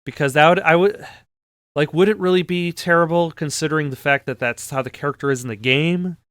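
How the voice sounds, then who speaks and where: A man's voice: on the high side, brisk, fairly bright tone, clear, resonant tone, dry recording. A man hosting a let's play, giving casual gameplay commentary as he reads game text aloud with wry asides.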